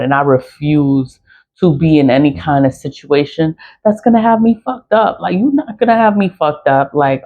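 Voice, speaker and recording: Woman in her 40s, casual storytelling rant, blunt and swearing, dull lo-fi sound. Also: deep voice. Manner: blunt, profane, laughing. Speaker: spiritual products seller. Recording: dull lo-fi recording.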